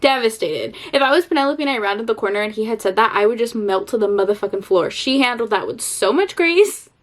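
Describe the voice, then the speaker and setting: Young woman rambling in a vlog, kinda high voice, chatty and animated, laughs a lot. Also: quick pace. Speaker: book vlogger. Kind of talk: casual vlog chat.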